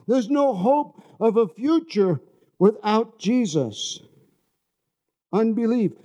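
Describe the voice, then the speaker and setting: A man from New York City preaches a sermon in a high but mellow voice. He talks in a loose, conversational way and keeps asking his listeners for an amen. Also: lively intonation, slow pace, long pauses. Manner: conversational, asks the congregation "amen?".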